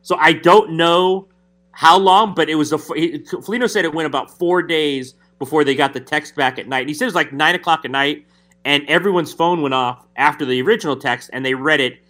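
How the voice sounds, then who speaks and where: Bright-voiced man telling a story. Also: fairly high pitch, brisk. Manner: animated storyteller. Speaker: hockey reporter. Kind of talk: casual chat.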